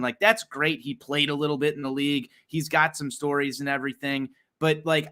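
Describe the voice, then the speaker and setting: A man on a casual sports podcast, worked up and ranting with real heat as he swears freely. His fairly high voice comes out bright and forceful. He pushes through long run-on sentences full of restarts. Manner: passionate, heated, swears freely. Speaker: podcast co-host. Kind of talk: casual sports talk rant.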